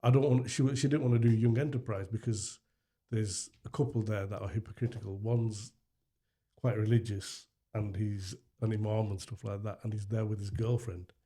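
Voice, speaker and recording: A man's voice: on the low side, fairly even intonation, normal speed, mellow. A man in his forties, a podcast co-host telling parenting stories in casual, earnest chat. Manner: earnest, storytelling, laughs easily.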